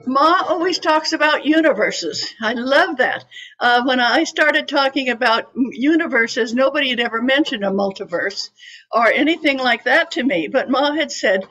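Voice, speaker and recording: A woman in her eighties from California, a psychic medium telling her story to an audience in a chatty, animated way. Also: high voice, normal speed, dull audio. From California, USA. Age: 80s.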